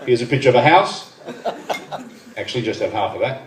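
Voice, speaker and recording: A man's voice: mid-range voice, big pitch swings, a little fast. A man in his thirties with an Australian accent doing a stand-up routine, trading dry one-liners and asides with the crowd. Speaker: stand-up comedian. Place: benefit night venue, live room. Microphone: far phone recording. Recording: echoey far phone recording, noisy room. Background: crowd laughter and room noise.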